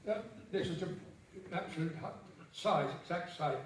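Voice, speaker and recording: A man's voice: fairly high pitch, moderate pace. Elderly man in an echoey hall. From England. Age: 90s. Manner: chatty storytelling with quoted dialogue. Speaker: veteran giving a talk. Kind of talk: public talk with anecdotes. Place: theatre hall. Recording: echoey hall, distant mic, noisy.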